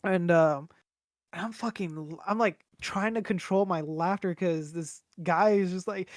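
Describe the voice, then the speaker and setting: A young man swaps stories on a casual podcast in a rambling, filler-heavy way, swearing freely as he goes. His voice sits at a middle pitch and is recorded close and dry, with no room sound. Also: fairly even intonation, unhurried, dry recording. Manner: rambling storyteller, swears a lot, many fillers. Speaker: podcast co-host. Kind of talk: casual chat.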